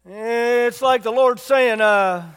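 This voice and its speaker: A man with a high, light voice preaches a sermon. He talks conversationally and often turns to his listeners with questions. His voice rings with the long reverb of a large hall. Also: takes it slowly, fairly bright tone, clean tone. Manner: conversational, asks the congregation questions.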